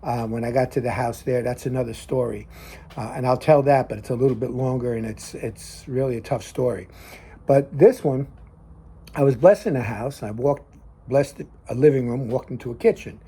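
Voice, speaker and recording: Mellow husky man telling a story. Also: medium pitch, normal speed. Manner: rambling storytelling with many fillers. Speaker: host. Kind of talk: casual chat. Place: garage.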